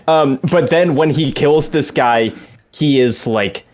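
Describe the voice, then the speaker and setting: Man, podcast co-host, casual game talk, rambling, animated, middle pitch. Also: moderate pace. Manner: rambling, animated, quotes characters in voices.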